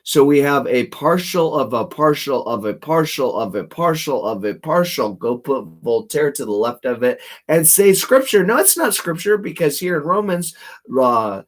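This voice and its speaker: A man giving rambling solo commentary while reading aloud, meandering and restarting often, swinging between louder bursts and low mumbles. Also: expressive, moderate pace. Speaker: channel host.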